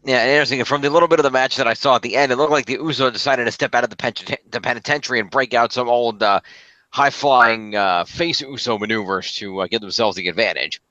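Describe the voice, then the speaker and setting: A man's voice: mid-range voice, fast talker, bright, forceful tone, no echo, lo-fi sound. A man co-hosting a casual podcast, recapping wrestling matches in order with a few fillers. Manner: recaps results, fillers and restarts. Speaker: podcast co-host.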